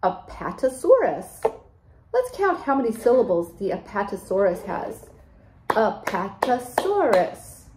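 A woman teaching young children, speaking in a sing-song way with exaggerated delight and slow, clear enunciation. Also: mid-range voice, wildly swooping pitch, roomy sound, background noise. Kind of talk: children's lesson.

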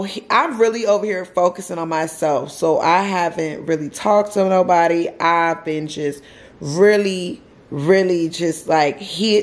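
A woman vlogger telling a story to camera from home in a casual, emotional way, repeating herself and using slang. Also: lowish voice.

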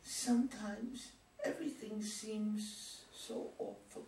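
A woman's voice: medium pitch, steady tone, slow pace, dark tone. A woman reads an insecure teenage girl, her voice pleading and wounded. The sound comes from a distance in an echoey room, with a faint hiss. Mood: sad. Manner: pleading, hurt and defensive. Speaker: actor in a community reader's theater. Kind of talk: staged play reading. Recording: roomy, distant mic with faint noise.

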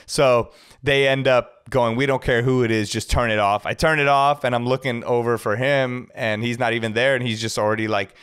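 A man telling stories on a casual podcast, animated, acting out the people in them and swearing freely. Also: mid-range voice, fairly quick, clear, resonant tone. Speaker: guest DJ.

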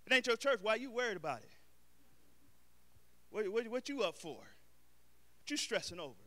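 A man preaching a sermon as the pastor of his church. He builds to shouted emphasis and calls out to the congregation, mixing casual street slang into his preaching. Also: high-pitched, big pitch swings, moderate pace.

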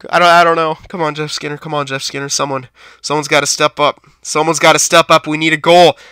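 A young man calls a hockey video game live, cursing freely and yelling at his team one moment, then mumbling glumly the next. His voice is bright and crisp, a touch high for a man, and the recording is dry and close. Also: level tone, fast, no echo. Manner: swears a lot, swings from shouting to deflated muttering. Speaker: gaming commentator. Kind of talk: live gameplay commentary.

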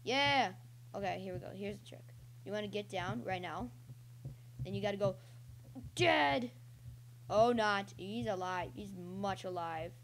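A young woman casually commentating her own online gameplay as a channel host, rambling and breaking into excited yelps and cheers. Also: medium pitch, moderate pace, slight background noise.

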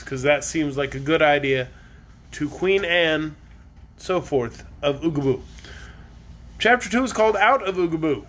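A man's voice: a little high, a bit bright. A man reading a children's chapter book aloud on a live stream, with casual, chatty asides between chapters.

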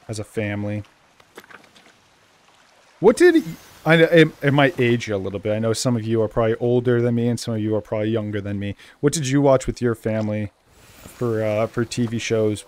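A young man with a Boston accent, rambling casually as he hosts a game let's play and bursting into excitement now and then. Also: on the low side. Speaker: gaming channel host.

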